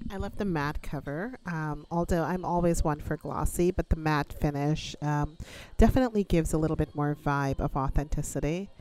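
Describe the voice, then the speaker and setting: A woman's voice: low-pitched, normal speed, hardly any pauses, a little mellow. A woman co-hosting a casual book chat, laid-back and bawdy, with frequent ums. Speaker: podcast co-host.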